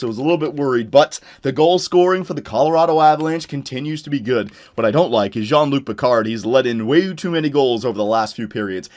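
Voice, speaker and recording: A young man commentating on his own hockey video game, swinging between loud excited shouts and low muttered talk, his voice worn out. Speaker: gaming YouTuber.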